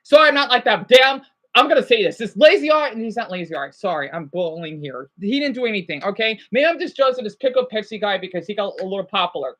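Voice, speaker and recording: A man's voice: high-pitched, lively intonation, quick pace, a bit bright. A man in his thirties ranting in a rambling, agitated commentary vlog, swearing often and then apologizing. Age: 30s. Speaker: vlogger.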